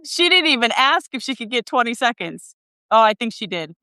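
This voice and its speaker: Woman live host ranting, swears a lot, bright tone. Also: fairly high pitch, very animated, fairly quick, no echo, low-quality recording. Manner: blunt, heated, swears freely. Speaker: live-stream host reacting to a hearing. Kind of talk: casual reaction commentary.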